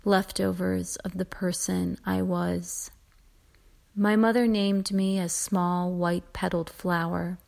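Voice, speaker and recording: Slow, flat-toned woman reading poetry. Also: fairly low pitch. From United States. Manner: measured, lingering, trailing off into breathy whispers at line ends. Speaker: poet.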